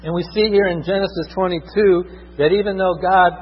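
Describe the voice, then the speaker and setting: In a dull, echoing hall, a man preaches as a pastor, speaking with emphasis and checking in with the congregation often. His voice sits high, steady and slightly rough, at a somewhat fast pace.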